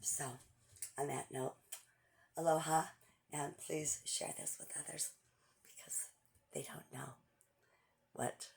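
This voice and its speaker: Angry, gravelly woman ranting. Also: sits low, steady tone, slow pace, pauses often, darkish tone, whispered. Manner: angry, pleading, urgent, repeats phrases. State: frustrated. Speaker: political commentator. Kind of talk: impassioned political monologue.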